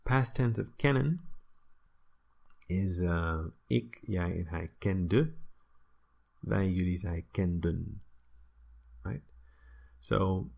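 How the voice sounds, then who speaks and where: A man's voice: low voice, very slow, creaky, pauses often, a little mellow. A man teaching a casual online language lesson, explaining patiently and checking in with "right?".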